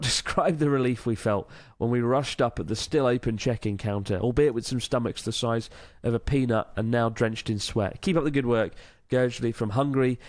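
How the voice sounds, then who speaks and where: A man hosts a podcast in a loose, joking way, with swearing and laughter running through his stories. His voice sits at an ordinary middle pitch for a man. The sound is close and dry, with no room around it. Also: dry recording. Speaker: podcast host. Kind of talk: casual chat, reading listener letters.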